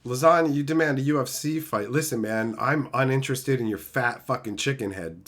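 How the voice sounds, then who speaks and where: A man streaming live, ranting loudly with constant swearing and insults, reading and mocking chat comments. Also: medium pitch, a little fast. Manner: loud, swearing, insulting rants; reads chat comments aloud and mocks them. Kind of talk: profane livestream rant.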